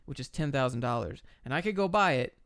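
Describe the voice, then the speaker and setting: A young man answering viewer chat questions on a live stream, giving quick, blunt, offhand answers. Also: medium pitch, animated, a bit bright, clean tone, no echo, studio quality. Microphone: camera and desk mic.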